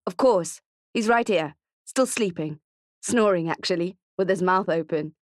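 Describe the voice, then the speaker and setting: A woman's voice: on the low side, dry recording, clean studio sound, natural voice. A woman reading Kate, a shaken exhausted mother. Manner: quiet, halting and strained.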